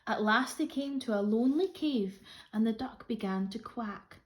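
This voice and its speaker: A Scottish woman, a primary school teacher, reading a rhyming storybook aloud with a lively rhythm. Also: a little high, moderate pace. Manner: expressive rhythmic read-aloud.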